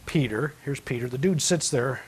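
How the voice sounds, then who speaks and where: Delivering a sermon in a church sanctuary at a moderate pace, a pastor tells stories conversationally and loosely, performing the voices of their characters. His pitch is medium and his voice slightly rough.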